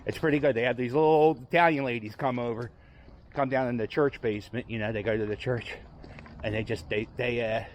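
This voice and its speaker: This walking vlog host speaks in a medium-pitched, steady voice at a fairly quick clip. He strolls a city street outdoors, chatty and rambling, poking fun at himself.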